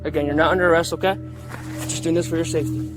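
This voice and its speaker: A male police officer on body cam footage, calm and reassuring, repeatedly checking in. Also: a little high, very fast. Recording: body cam audio under music.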